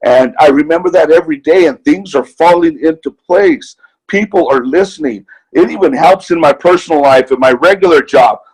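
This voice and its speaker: A man's voice: a little high, moderate pace, a little mellow, husky, rough recording. A middle-aged man giving a heartfelt, rallying motivational testimony as a guest speaker on a conference call.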